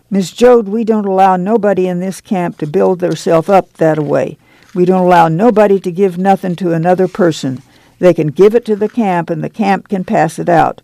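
A fierce, bitter camp woman, hoarse and indignant, as a reader puts her on in a storybook reading. Her rural drawl comes out gravelly and dark, with a dry close sound. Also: medium pitch, dry recording, lightly acted.

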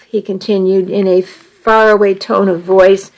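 Woman audiobook narrator, first person, slow and measured. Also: lowish voice, poor audio. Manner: measured, steady storytelling.

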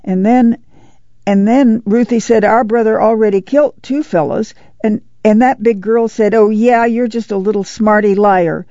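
Male reader voicing a young country boy, higher and hurried, dry lo-fi audiobook. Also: creaky, mellow, no echo. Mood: breathless. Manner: rushed, tumbling storytelling.

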